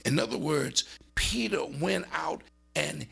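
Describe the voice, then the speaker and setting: A man preaching a dramatic sermon, swinging between high urgent cries and low murmured passages. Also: lively intonation, slow pace, vocal fry, sharp tone, breathy edge.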